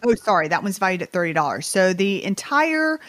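A woman with a Southern US accent co-hosts a podcast, chatting casually in an animated, slightly bitter way. Her voice is medium-pitched and brisk.

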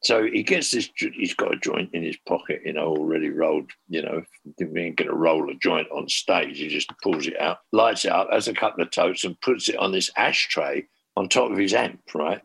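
A man, a former band manager, telling a profane and animated backstage anecdote in casual talk. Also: deep voice, normal speed, gravelly, slightly rough.

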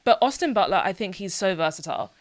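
An enthusiastic woman co-hosts a casual podcast and talks with playful energy. Her voice sits at an ordinary middle pitch and a natural, unhurried pace. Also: expressive. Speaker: podcast co-host. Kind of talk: casual chat.

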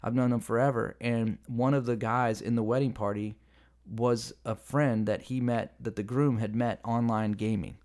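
A man's voice: medium pitch, fairly even intonation, normal speed, darkish tone. A man in his forties, a pastor and podcast co-host, chatting casually and acting out quoted voices in his stories. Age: 40s. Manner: rambling storyteller, acts out quoted voices.

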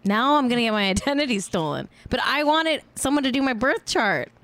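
A woman's voice: fairly high pitch, lively intonation, a little fast, fairly bright tone, no echo. A woman in her thirties from California hosting a casual celebrity-news chat on a live stream, rambling and laughing at herself. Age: 30s. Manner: rambling, self-mocking and giggly. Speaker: podcast host.

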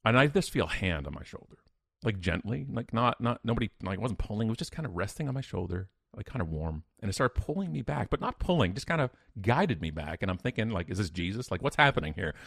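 A man, a podcast guest, telling a story in an emphatic, energetic way with sudden loud bursts. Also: lowish voice, fast talker, gravelly, husky, no room sound, clean studio sound. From Canada. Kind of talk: animated storytelling in an interview.

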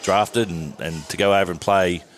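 A man hosting a casual chat, chummy and quick to joke along. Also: low-pitched.

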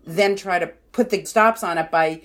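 A woman's voice: fairly low pitch, moderate pace, fairly bright tone. A woman, a parenting author, giving conversational interview answers in an explanatory way, often saying "you know" and acting out what parents and kids say.

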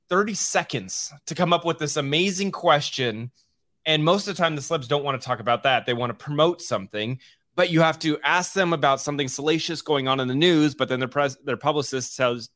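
A man's voice: mid-range voice, bright, forceful tone, dry recording, clean studio sound. A man hosting a podcast, talking in a conversational, emphatic way. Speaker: podcast host. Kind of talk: casual chat.

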